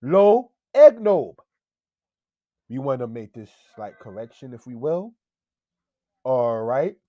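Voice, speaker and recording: A man teaching Hebrew in a slow, deliberate lesson style, often checking in with "all right?" and calling his viewers family. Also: mid-range voice, no echo, phone-quality sound. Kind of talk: slow screen-share language lesson.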